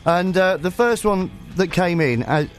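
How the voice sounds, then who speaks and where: Male co-host, crude banter, lively swooping delivery, faint music underneath. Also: high-pitched, a little slow. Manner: laughs through his reading, mock-dramatic. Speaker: podcast co-host.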